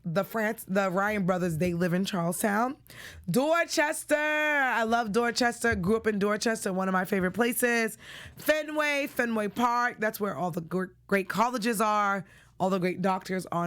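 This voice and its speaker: A young woman from the Boston area with a Boston accent, hosting a solo TV recap show in a chatty, excitable way, full of shout-outs. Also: mid-range voice. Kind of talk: casual chatty episode recap.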